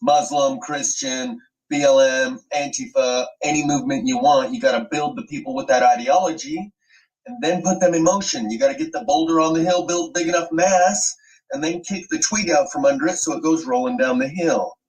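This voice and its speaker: A man's voice: on the high side, normal speed, distant mic, low-quality recording. A man hosting an online commentary video, ranting with emphatic, profane sweeping claims.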